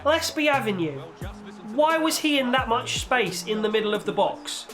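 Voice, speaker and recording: A young man commentating on his own football video game match, chatty with viewers and bursting into shouts when his team scores. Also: moderate pace, music in the background. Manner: excitable, shouts and leaps in pitch on goals; chatty, talks to viewers as "guys" and "boys". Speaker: gaming YouTuber.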